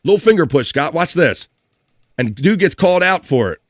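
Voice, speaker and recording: A man hosting a casual live stream, chatting in a jokey, animated way and mimicking others. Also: fairly high pitch, moderate pace, dry recording. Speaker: host.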